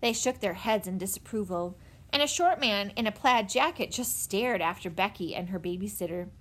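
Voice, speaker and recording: A woman narrating a children's audiobook in an expressive storytelling manner. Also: medium pitch, normal speed. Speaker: audiobook reader.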